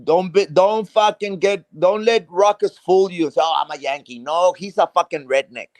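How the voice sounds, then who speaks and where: A man's voice: high-pitched, moderate pace, darkish tone, dry recording. A man from South Texas, ranting on a live stream with heavy profanity, restarting phrases and hammering each point. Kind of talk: heated casual rant.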